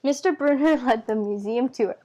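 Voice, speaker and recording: A woman's voice: a little high, normal speed, dark tone, lo-fi sound. A woman reading a novel aloud in a casual, unpolished way, tripping over words and correcting herself, with the characters' lines in her own voice. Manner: stumbles and corrects herself with asides. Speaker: amateur reader.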